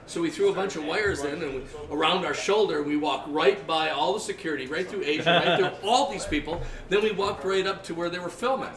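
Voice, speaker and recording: A man's voice: a little high, fairly quick, hardly any pauses. An older man telling long, rambling stories in a casual chat at a noisy bar. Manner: rambling, animated storyteller. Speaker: guest storyteller. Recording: echoey bar, far from the mic. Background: bar crowd chatter.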